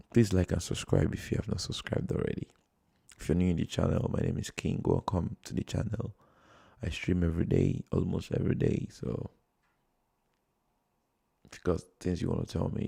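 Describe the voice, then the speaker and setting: Livestreaming from his phone, a man from Nigeria with a Nigerian accent rambles as he reacts to videos. His low voice is gravelly, mellow, and slightly rough, and his chatty talk is thick with fillers and chuckles.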